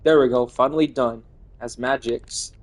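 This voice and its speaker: A man's voice: mid-range voice, fairly even intonation, normal speed. A man in his twenties streaming a game live, rambling through the action, laughing often and swearing. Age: 20s. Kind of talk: casual live game narration.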